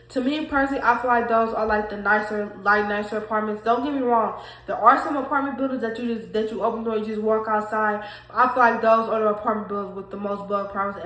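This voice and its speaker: A woman's voice: on the high side, fairly bright tone. A young woman telling a faith testimony to her viewers, emotional and talking straight to them, repeating herself. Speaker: vlogger sharing a faith testimony. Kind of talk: casual testimony vlog. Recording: echoey room.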